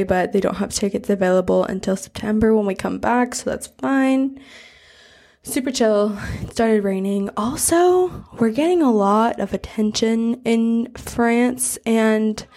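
A woman's voice: on the high side, measured pace, warm tone. A woman of twenty-three with an American accent, co-hosting a podcast in casual chat from a hotel bathroom. She is chatty and giggly, and she rambles through her stories. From United States. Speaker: podcast co-host. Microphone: portable travel mic.

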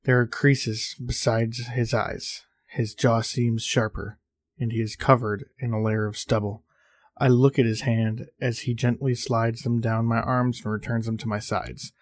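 A man hosting a podcast, narrating a horror story in a measured reading with small slips. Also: mid-range voice, level tone, no room sound, studio quality.

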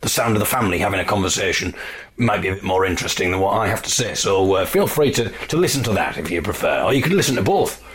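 A man with an English accent recording a spoken audio diary in a hotel room, storytelling wryly and deadpan with mock-dramatic emphasis. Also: low voice, quick pace, background noise. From England. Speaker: folk musician and audio diarist. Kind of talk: casual spoken diary with dry humour.

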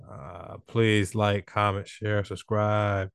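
A man hosting a podcast, talking in an animated, slangy, casual way. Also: lowish voice, slow pace, vocal fry, clear, resonant tone, no echo, clean studio sound. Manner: animated, slangy, swings into exaggerated voices. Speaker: podcast host. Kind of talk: casual chat.

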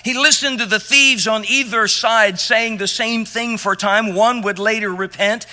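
A man preaching a sermon as pastor, emphatic and impassioned, dropping quiet at tender moments. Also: high-pitched, fairly even intonation, moderate pace, few pauses. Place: church sanctuary.

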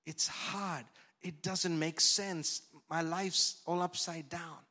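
A man preaching a lively sermon as pastor, swinging from loud shouts to soft whispers into a handheld mic in a church. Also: fairly high pitch, slow pace. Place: church hall.

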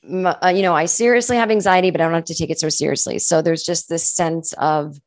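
Chatty woman with a low voice. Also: quick pace, no room sound, studio quality. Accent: faint Boston with California touches. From Boston area, USA. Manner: chatty, self-deprecating, animated asides. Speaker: guest, comedian. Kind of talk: casual interview chat.

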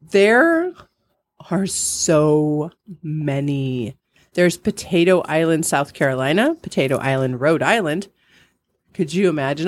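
This middle-aged podcast co-host speaks slowly in a low but very animated voice. Chatty and rambling, she laughs a lot in casual conversation, recorded without echo.

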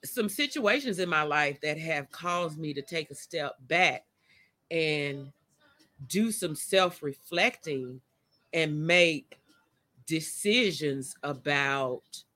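Hosting a casual live stream outside, near a motion-sensor light in the wind, a woman speaks straight to her viewers, chatty and emotional. Her voice sits low with a sharp tone, expressive and slow, with frequent pauses.

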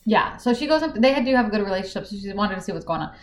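A woman's voice: mid-range voice, very fast, roomy sound, slight background noise. A woman co-hosting a book podcast, chatting casually and animatedly acting out dialogue as she recaps the plot. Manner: animated, acts out dialogue while retelling the plot.

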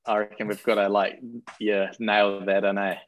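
A man being interviewed as a rugby performance director, relaxed and self-deprecating, thinking aloud as he goes. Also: fairly low pitch, normal speed, poor audio. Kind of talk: interview guest.

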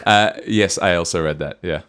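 A man's voice: deep voice, normal speed, fairly bright tone, smooth, dry recording, clean studio sound. A man co-hosting a casual podcast, teasing his partner and laughing often. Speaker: podcast co-host. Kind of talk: casual chat.

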